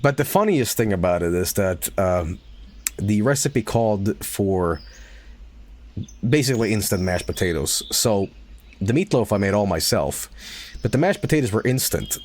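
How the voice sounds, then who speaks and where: A man streaming a game, chatting casually and rambling through a story, swearing and laughing loudly. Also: fairly low pitch, animated, normal speed. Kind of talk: casual live-stream chat while gaming.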